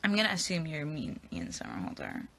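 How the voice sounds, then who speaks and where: Young actress chatting casually with fans on her phone; bright, edgy tone, chatty and rambling. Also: low voice, huge pitch swings, fairly quick, gravelly. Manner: chatty, giggly, rambling with fillers. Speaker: actress answering fan questions. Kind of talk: casual live Q&A chat.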